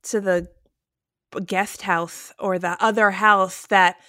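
A woman chatting casually, recapping a film in an unhurried, emphatic way. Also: mid-range voice, steady tone, bright, forceful tone, no echo, clean studio sound. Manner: unhurried, emphatic, says horrible a lot.

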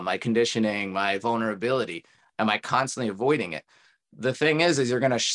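An earnest man in a casual podcast conversation, a tantra coach sharing advice. His voice sits at an ordinary, mid-range pitch, and his thoughts spill out in long, encouraging, reflective runs. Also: a bit bright.

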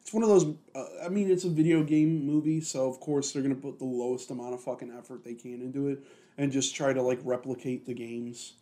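A man's voice: mid-range voice, fairly even intonation, brisk, mellow. A man co-hosting a podcast in a casual chat, rambling with plenty of fillers and constant swearing. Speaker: podcast co-host.

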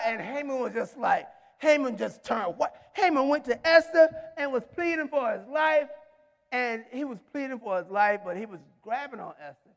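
High-voiced minister preaching emphatically. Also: male voice, gravelly, in a large hall. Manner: emphatic, storytelling, rising to shouted exhortation. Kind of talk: sermon.

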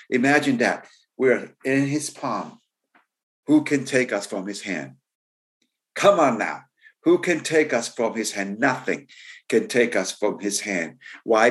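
A man's voice: fairly low pitch, a bit bright. A man preaching a sermon with growing fervor. He repeats his phrases, stumbles into restarts and breaks into exclamations. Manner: repetitive, building fervor with exclamations.

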